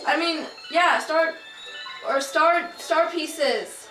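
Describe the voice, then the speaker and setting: A young woman doing casual, excitable commentary over her own gameplay, swearing and rambling. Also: high voice, drawn-out words, distant mic. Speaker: let's play gamer. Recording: roomy, off-mic, with game music. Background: video game music.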